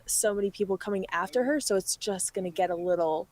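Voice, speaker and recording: A woman's voice: medium pitch, fast, a little mellow. A woman reporting live from an ultramarathon course, upbeat and laughing easily as she interviews crew.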